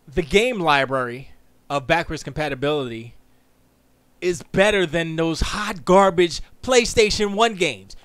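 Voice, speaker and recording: A high-voiced man hosts a casual livestream and rants emphatically in slangy speech. His delivery is animated and direct. The recording is dry and close. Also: no room sound. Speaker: podcast host.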